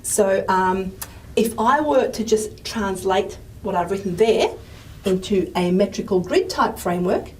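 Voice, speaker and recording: A woman's voice: mid-range voice, lively intonation, a little slow. Woman teaching a class at the board, lots of um and okay, mic kinda far off, faint room hiss. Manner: chatty explanatory teaching with frequent "okay?" and "um". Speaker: lecturer. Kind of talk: classroom lecture at a whiteboard. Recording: voice from a distance with faint room noise.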